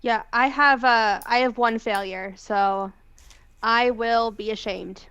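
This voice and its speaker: A woman's voice: a little high, fairly even intonation, takes it slowly, a bit bright, smooth, lo-fi sound. A woman playing in a tabletop game, talking casually. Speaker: player.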